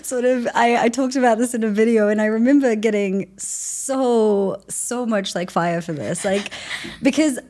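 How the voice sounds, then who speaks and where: A woman's voice: fairly high pitch, moderate pace, a little mellow. Chatty young woman from New Zealand. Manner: chatty, laughs often, many fillers. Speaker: interview guest. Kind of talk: casual interview conversation.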